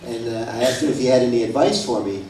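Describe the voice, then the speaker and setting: A man's voice: mid-range voice, fast, a little mellow, slight background noise. A man on a conference panel, telling a story in a chatty way with frequent restarts. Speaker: panelist, Rotary district governor. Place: large conference hall. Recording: echoey hall from far off.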